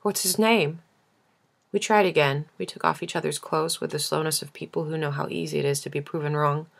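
Low-voiced female reader for a measured, intimate novel reading. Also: steady tone, creaky. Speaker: audiobook reader.

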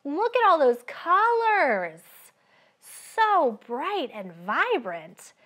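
A woman running a children's library storytime, talking in a drawn-out, sing-song way for small children. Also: high voice, big pitch swings, a bit bright.

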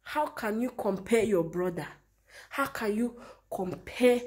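A woman's voice: medium pitch, a little slow, a little mellow. A woman with a Nigerian Igbo accent giving an earnest, lamenting monologue full of rhetorical questions. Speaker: commentator. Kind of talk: impassioned monologue mixing Igbo and English.

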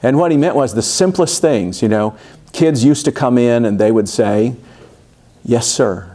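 A man leading a Bible study in a church, in a mid-pitched, conversational voice. He wanders into asides with plenty of fillers and lifts his voice for emphasis when he reads the text. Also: lively intonation, normal speed, mellow. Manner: digressive, many fillers and asides, rises for emphasis when reading.

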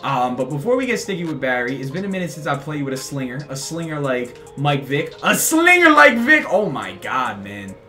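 A man's voice: medium pitch, animated, fairly quick, hardly any pauses, soft background music. A young man giving casual, slangy commentary over his own football video game match, talking to the opponent and to viewers. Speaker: gaming YouTuber.

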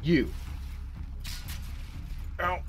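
A man's voice: very slow, background noise. A young man giving let's play commentary, frantic and exclaiming as he talks to himself and the game. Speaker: gaming channel host.

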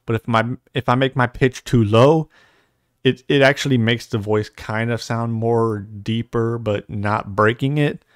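The host's mid-range voice is clear and resonant, with a steady tone and a slightly slow pace, recorded dry and at studio quality on a noise-suppressing studio mic. The young man casually explains voice-changer settings in a meandering tutorial, with occasional light swearing.

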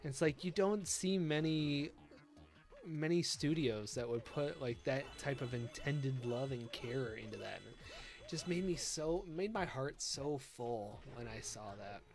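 A young man streaming a game, chatting casually and gushing with excitement and emotion. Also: medium pitch, measured pace.

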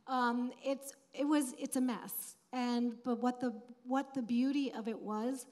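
Panelist: middle-aged woman, a bit high-pitched, earnest and emphatic, conference stage. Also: steady tone, measured pace, darkish tone. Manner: earnest, emphatic, repeats phrases. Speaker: panelist, nonprofit CEO.

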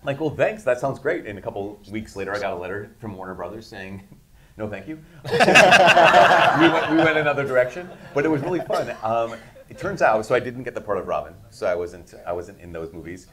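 A middle-aged man, a guest in an interview, telling casual stories with animated, laughing delivery. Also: mid-range voice, fairly quick, a loud crowd. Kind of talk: casual storytelling.

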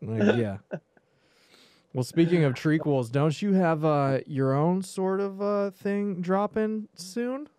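A man's voice: on the high side, takes it slowly, darkish tone, smooth. Wry teasing podcast host, man. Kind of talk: casual podcast chat.

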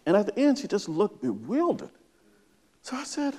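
Lively storytelling man in a hall. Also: high-pitched, slow pace, long pauses. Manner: storytelling, lively, acts out reading to his daughter. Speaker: psychotherapist giving a talk. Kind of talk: conference presentation. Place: large lecture hall with reverb. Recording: long hall reverb.

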